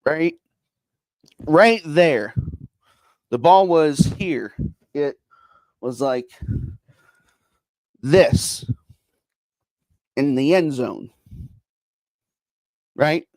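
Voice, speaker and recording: A man's voice: fairly high pitch, expressive, drawn-out words, long pauses, darkish tone, no room sound, studio quality. A middle-aged man hosting a casual sports podcast alone, rambling with lots of fillers and repeats as he reads comments. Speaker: podcast host. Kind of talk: casual solo sports talk reading viewer comments.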